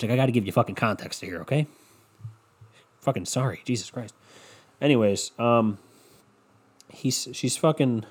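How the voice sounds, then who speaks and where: A man's voice: medium pitch, darkish tone. Young male podcast host, casual solo monologue, profane, rambling, self-mocking.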